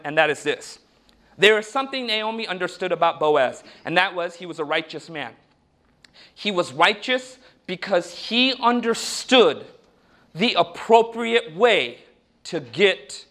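A man preaching a sermon, telling stories animatedly and acting out what people said. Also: sits high. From United States. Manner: animated storytelling, acting out quoted speech.

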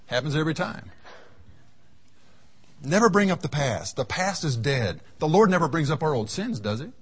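A man preaching a seminar sermon, telling folksy stories from his marriage and acting out the voices in them, with a husky voice. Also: fairly high pitch. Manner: folksy storytelling, voices the Lord and his wife. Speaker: seminar speaker. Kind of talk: sermon with acted anecdotes.

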